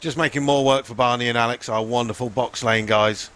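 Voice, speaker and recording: A man's voice: mid-range voice, steady tone, fairly quick, fairly bright tone. A man commentating a live motorsport event, chatty and joking in a laid-back way.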